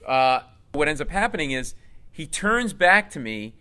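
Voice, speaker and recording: A man, a comedian, telling a comic story in an interview in an animated way. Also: on the high side, moderate pace, clear, resonant tone. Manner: animated, acts out voices. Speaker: comedian guest.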